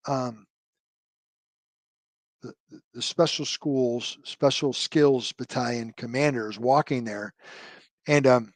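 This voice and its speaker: This man speaks at a medium pitch, with no echo. A middle-aged former army officer, he shares rambling stories in a conversational interview, peppered with fillers and tag questions.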